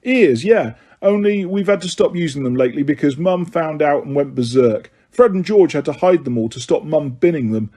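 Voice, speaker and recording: A man's voice: fairly high pitch, expressive, moderate pace, few pauses, warm tone. A man reading as a chatty teenage boy wizard. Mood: casual. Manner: casual, chatty.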